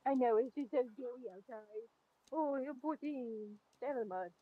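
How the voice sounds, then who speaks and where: A woman's voice: high voice, moderate pace, dry recording. A woman streamer chatting casually outdoors on earbuds while scolding her dogs. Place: outdoors, on a walk. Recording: dull lo-fi sound.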